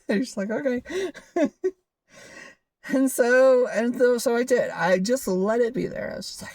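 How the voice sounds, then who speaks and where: Telling a personal story casually, this woman hiker vlogger rambles, laughs often and leans on fillers such as "like" and "you know." Her voice is a little high and darkish, unhurried and full of pauses, captured on a distant mic with no room sound.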